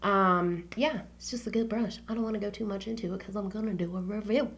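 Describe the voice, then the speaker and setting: A woman's voice: medium pitch, steady tone, quick pace. A woman vlogging about her favorite beauty products in a casual, slangy chat, swearing freely and dropping into whispers for asides.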